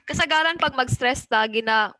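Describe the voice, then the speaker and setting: Woman, Cebuano Filipino accent, English lesson, slow, drawn-out demonstrations, fairly high voice, dry close sound. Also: bright, forceful tone, no echo, low-quality recording. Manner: switches between English and Cebuano, checks in with "okay?"; slows and stresses words to demonstrate. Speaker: teacher.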